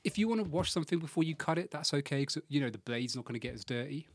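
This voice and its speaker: A man's voice: fairly high pitch, expressive, racing, no echo, clean studio sound. A young man co-hosting a podcast, chatting casually, rambling and laughing at himself. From England. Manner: giggly, rambling, self-mocking. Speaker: podcast co-host. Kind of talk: casual chat.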